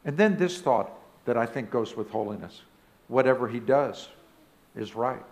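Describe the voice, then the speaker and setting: A pastor with a mid-range voice preaches a sermon in a church sanctuary. He speaks emphatically, now and then rising into loud exclamations.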